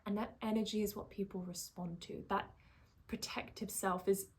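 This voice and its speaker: A woman, a life coach speaking in a calm, thoughtful monologue that slows and softens for emphasis. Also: mid-range voice.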